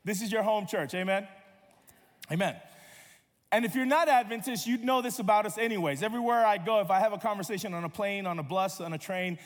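A man's voice: high-pitched, fairly quick, big-room sound. A man pastor giving a sermon, telling stories with playful humor and acting out quotes. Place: church sanctuary.

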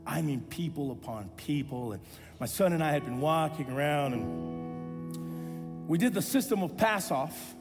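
A man in his thirties, a pastor, preaching a sermon and telling a personal story with animated self-deprecating humor. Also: fairly high pitch, unhurried, long reverb tail, music in the background.

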